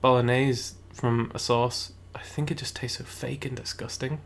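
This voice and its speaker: A man's voice: medium pitch, flat delivery, moderate pace, gravelly, slight background noise. A man from Cumbria, chatting casually and laughing easily. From Cumbria, England. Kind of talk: casual chat.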